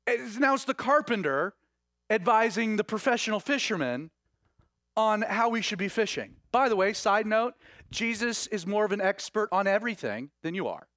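High-voiced, animated male preacher. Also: normal speed, no room sound, studio quality. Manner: animated, conversational, laughing asides. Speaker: pastor. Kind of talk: sermon.

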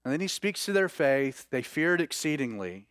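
A man preaching a sermon in an animated way, acting out the voices he quotes. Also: fairly high pitch, moderate pace, smooth, no room sound, studio quality.

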